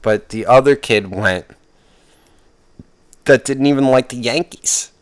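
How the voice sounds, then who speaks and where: A man's voice: mid-range voice, measured pace, dry recording. A man hosting a solo podcast, rambling and complaining in a profane, exasperated way, often restarting his sentences. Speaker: podcast host.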